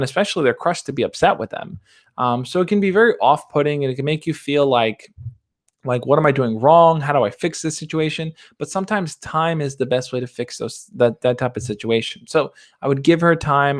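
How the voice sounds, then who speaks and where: A young man hosting a livestream, reading out viewer questions and answering them in a relaxed, reassuring way. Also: mid-range voice. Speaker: dating advice host. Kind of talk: casual livestream chat.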